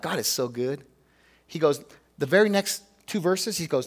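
A man's voice: medium pitch, animated, moderate pace. A man preaching a sermon as a pastor, earnest and emphatic, talking to the congregation conversationally and asking rhetorical questions.

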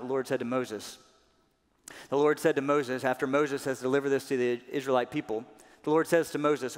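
A man preaching a sermon as pastor, animated, often acting out quoted voices louder and higher. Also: brisk. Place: church sanctuary. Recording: church sanctuary with long reverb.

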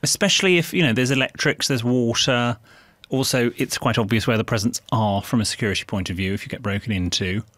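A man's voice: medium pitch, fast, fairly bright tone, dry recording. A man co-hosting a podcast in casual comic chat, dry, opinionated and wry. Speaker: podcast co-host.

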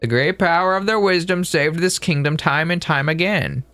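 A man reading an elderly monk's game lines aloud in a slightly lowered voice. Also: moderate pace, sharp tone. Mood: sage. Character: elderly male monk, slow and knowing.

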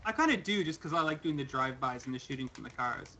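Brief: young male gaming co-host, bright sharp tone, stumbles over his words eagerly. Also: a little high, animated, quick pace, slight background noise. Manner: stammers and restarts, enthusiastic. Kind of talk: casual gaming chat.

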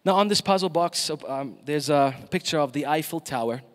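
An emphatic male preacher delivering a sermon, his voice sitting a little high. He puts questions straight to the congregation. The long reverb of a church hall trails behind each phrase. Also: expressive, moderate pace.

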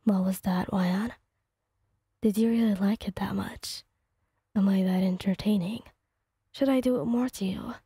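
A woman voicing a smug, mocking young man in a whispered role-play, speaking in a low, smirking whisper. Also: steady tone, unhurried, long pauses, mellow, husky, no echo.

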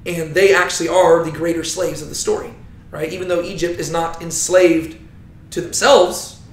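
A man's voice: on the high side, steady tone, moderate pace. A man teaching a Bible lesson, telling the story with animation and often checking in with "right?". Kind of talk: teaching talk. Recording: roomy echo.

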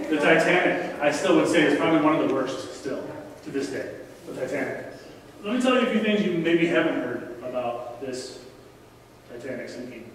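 Speaking a little high and animated at a normal pace, a forty-something guest preacher delivers a conversational sermon in a large sanctuary, repeating key phrases and pleading with the people. The sound is distant and echoey, with faint noise.

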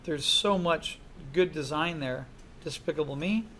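A man teaching a class in a classroom, lively and full of questions to the students. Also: on the high side, a little slow, a little hiss or hum. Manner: animated, asks the class many questions. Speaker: art instructor. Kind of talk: classroom lecture.

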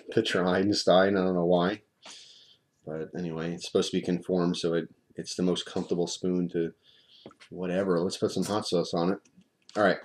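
Low-voiced man with a mellow tone. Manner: relaxed, chatty, rambling with restarts. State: mouth burning from hot sauce, drooling. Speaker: hot sauce reviewer. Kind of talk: casual video review. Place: at home at his desk.

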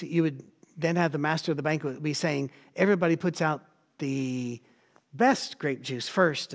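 A middle-aged man preaching a sermon as pastor, telling stories with energy and acting out the voices of the people he quotes. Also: on the high side.

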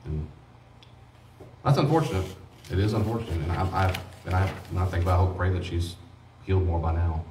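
A man's voice: deep voice, brisk, pauses often, noisy background. A man preaching a teaching sermon on grief as a pastor, earnest and conversational, repeating himself for emphasis. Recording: echoey room, mic at a distance.

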